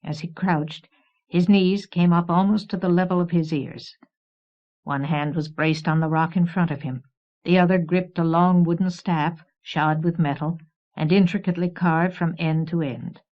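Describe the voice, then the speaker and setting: Female narrator for fantasy audiobook, measured reading, fairly low voice, dull tape sound. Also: steady tone. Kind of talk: scripted narration. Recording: dull old cassette recording.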